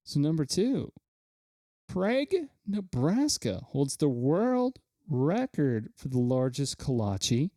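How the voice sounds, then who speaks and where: A man's voice: on the high side, sing-song, slow pace, warm tone, dry recording, studio quality. A man co-hosting a casual podcast chat, reading out fun facts with enthusiasm and stumbling over words now and then. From Kansas. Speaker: podcast co-host.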